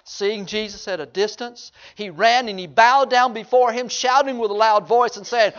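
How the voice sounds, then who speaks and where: A man preaching a sermon, swinging from hushed low asides to loud, high-pitched exhortation. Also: normal speed, few pauses, highs cut off. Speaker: pastor.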